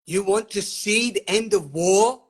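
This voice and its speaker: Passionate husky-voiced man on a live stream. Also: high-pitched, measured pace. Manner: animated, emphatic, laughs often, swears. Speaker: host of live online sessions. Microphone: webcam or phone on a live stream.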